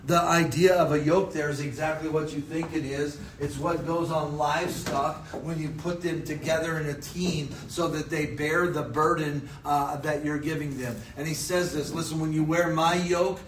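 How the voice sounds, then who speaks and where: A man preaching a sermon in a conversational, storytelling manner, sometimes putting on quick mock voices for effect. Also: a little high, steady tone, slight background noise. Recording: echoey room with faint ambience.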